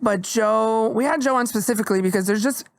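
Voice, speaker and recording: A young adult woman comedian hosting a podcast, speaking candidly and with energy, swearing casually in relaxed chat. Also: on the high side, a little fast, dry recording, clean studio sound.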